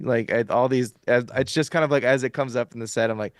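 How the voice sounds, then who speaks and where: Relaxed man talking on a dry mic. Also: medium pitch, fast talker, dry recording. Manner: relaxed, explains things in detail with lots of fillers. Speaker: guest musician. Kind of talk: casual interview chat.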